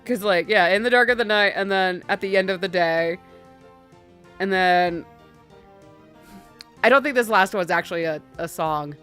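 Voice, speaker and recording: Giggly, excitable let's-play woman. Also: medium pitch, normal speed, long pauses, clean tone, soft background music. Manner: giggly, excitable, swears casually. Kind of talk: casual game commentary.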